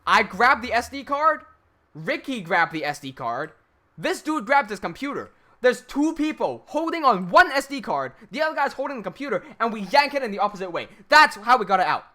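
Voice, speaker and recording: Excitable guy telling a wild story, bright sharp voice, swears a lot. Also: extremely high pitch, brisk. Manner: excitable, heavy swearing, trails off quietly. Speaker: filmmaker and channel host. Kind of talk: animated storytelling.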